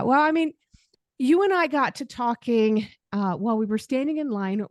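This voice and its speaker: A woman's voice: mid-range voice, creaky, dry recording, studio quality. A woman with a faint Southern American accent, hosting a podcast interview in a chatty, easygoing way. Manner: warm and chatty, laughs easily. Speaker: podcast host. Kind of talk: casual interview.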